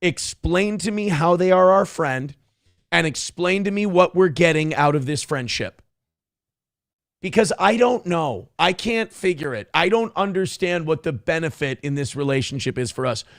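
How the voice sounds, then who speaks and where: A man's voice: fairly high pitch, lively intonation, moderate pace, creaky, a bit bright, dry recording. A man hosting a show, giving sarcastic, profane political commentary in a ranting way on a close mic. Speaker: show host.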